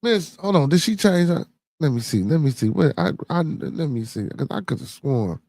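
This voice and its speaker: A man's voice: a little high, very animated, normal speed, a little mellow, no room sound, clean studio sound. A man hosting a casual livestream podcast, talking in slang and repeating his catchphrases three times over. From Chicago. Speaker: podcast host.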